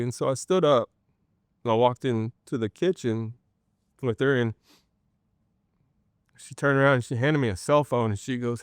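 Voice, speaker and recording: A man telling his personal faith testimony in an interview, earnest and halting, with many pauses and restarts. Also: mid-range voice, clear, resonant tone, no room sound, studio quality. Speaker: guest sharing a personal testimony.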